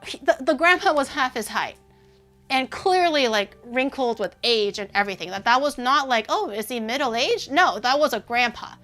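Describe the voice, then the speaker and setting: A woman streaming and chatting casually with her audience, rambling with lots of "like" and sounding animated and indignant. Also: sits high, moderate pace, faint music behind.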